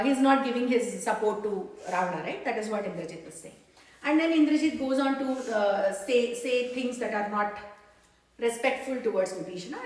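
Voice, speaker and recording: A woman casually retelling an epic to a child, halting, with many fillers and restarts. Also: a little high. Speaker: storyteller. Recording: echoey room, mic far off.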